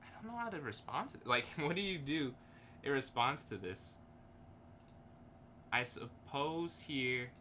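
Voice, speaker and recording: A man's voice: medium pitch, lively intonation, measured pace, pauses often, pushed and bright, slight background noise. A man streaming a chess game, thinking aloud in casual, hesitant commentary and chuckling often.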